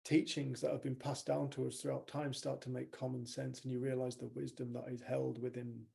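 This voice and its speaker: A man leads a workshop with a motivational talk. His voice is gravelly and mellow, with a relaxed, conversational delivery that turns to storytelling in quoted dialogue. He speaks at an ordinary, mid-range pitch for a man. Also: fairly quick. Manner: conversational, retelling stories with quoted dialogue and growing animation. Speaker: workshop leader.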